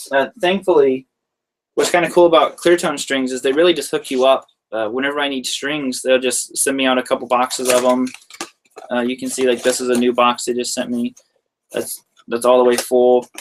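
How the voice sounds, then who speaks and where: A young man, a guitarist, answering viewer questions in a casual live-stream Q&A. He is chatty and loose, often says "like" and "uh", and laughs lightly mid-sentence. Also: mid-range voice. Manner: laid-back, chatty, loose with frequent "like" and "uh".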